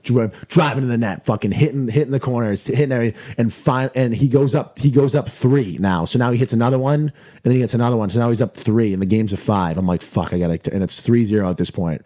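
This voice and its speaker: Excitable young man with mellow voice. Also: fairly low pitch, a little fast. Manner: excitable, profane, rambling with many restarts. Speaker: podcast guest. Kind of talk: casual storytelling.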